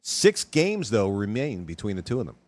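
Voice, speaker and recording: A man reading a sports news rundown on the radio in a brisk, wry way. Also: on the low side, very animated, a little mellow, no room sound.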